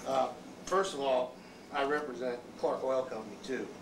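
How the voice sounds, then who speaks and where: A man addressing a board meeting in a halting, businesslike way. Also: mid-range voice, steady tone. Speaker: speaker at public board meeting. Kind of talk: public comment. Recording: echoey room from far off, loud noise.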